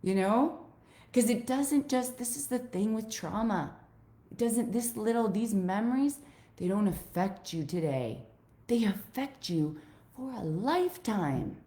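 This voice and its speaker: With a warm, expressive, medium-pitched voice and a measured pace, a woman life coach talks to her viewers in a roomy space. The vlog is emotional: she speaks raw and from the heart about past pain, cursing without restraint.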